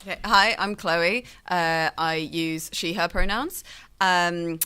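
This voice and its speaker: A woman player at a live tabletop game, introducing her character in a quick, lightly laughing way. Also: lowish voice, sharp tone, clean tone.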